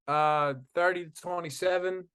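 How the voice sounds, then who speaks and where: High smooth-voiced jokey man from Kansas. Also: steady tone, normal speed, a bit bright. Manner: jokey, drops into a mock country drawl. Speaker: podcast co-host. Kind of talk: casual sports chat.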